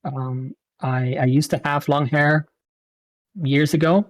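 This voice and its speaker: A man in his thirties, a streamer guest, telling stories in a lively way with frequent laughs. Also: fairly high pitch, no echo. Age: 30s. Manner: animated storytelling, quick laughs. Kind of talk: casual interview chat.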